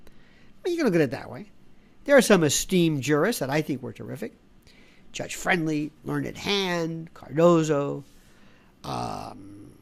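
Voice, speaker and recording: A middle-aged woman hosting an opinionated monologue, sarcastic and animated, mocking others with put-on indignant voices. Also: low-pitched, creaky. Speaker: podcast host.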